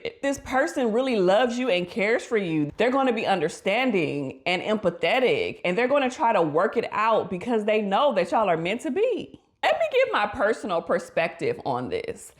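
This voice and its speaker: A woman therapist giving casual movie reaction commentary, expressive and slangy, with her voice leaping up for emphasis. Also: moderate pace, hardly any pauses. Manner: pitch leaps up in emphasis.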